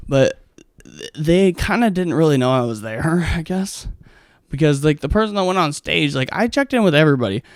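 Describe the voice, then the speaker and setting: A man's voice: a little high, lively intonation, normal speed, dry recording, studio quality. A man, a stand-up comic, telling stories in a casual, rambling monologue full of swearing and fillers. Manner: rambling, profane, heavy with fillers.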